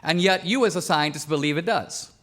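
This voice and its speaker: Measured man arguing in a debate. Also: fairly high pitch, a bit bright. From India. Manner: measured, pointed, cross-examining. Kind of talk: formal debate argument. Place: debate stage in a large hall.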